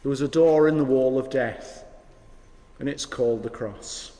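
Animated vicar in an echoing church. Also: male voice, medium pitch, moderate pace. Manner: animated, wry storytelling with sudden drops to hushed emphasis. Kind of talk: sermon. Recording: long hall reverb.

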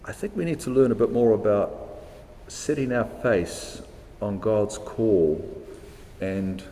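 Slow, reflective New preacher. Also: male voice, lowish voice, dark tone, big-room sound. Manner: reflective, questioning, repeats words for emphasis. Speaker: pastor. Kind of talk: sermon.

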